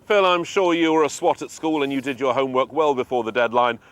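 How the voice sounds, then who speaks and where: A man's voice: mid-range voice, fairly even intonation, quick pace, no room sound. A man reporting live for a regional news programme, telling the story in a chatty, wry way.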